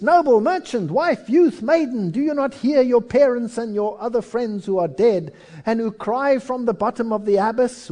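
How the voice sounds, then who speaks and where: A pompous medieval monk hawking pardons, as a preacher puts him on. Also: male voice, a little mellow. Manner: proclaiming, theatrical, raised pitch. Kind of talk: dramatic reading of quotes in a sermon.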